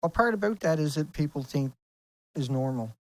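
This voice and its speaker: Male video host, slightly high gravelly voice, rambling and insistent, dry close mic. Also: lively intonation, moderate pace, no echo. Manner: rambling, insistent, rhetorical questions. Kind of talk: casual explainer over screen pictures.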